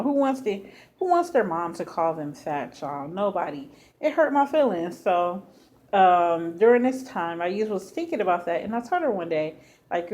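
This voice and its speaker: A woman's voice: mid-range voice, a little mellow. A woman casually telling a personal story to her viewers, talking to them directly as y'all with lots of fillers. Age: adult with a child. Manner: chatty, addresses viewers as y'all, many fillers.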